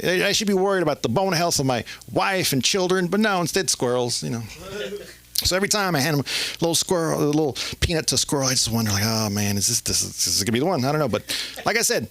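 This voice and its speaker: A middle-aged man doing open mic stand-up comedy in a club, rambling with halting pauses and lots of fillers. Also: fairly high pitch, a bit bright, no room sound.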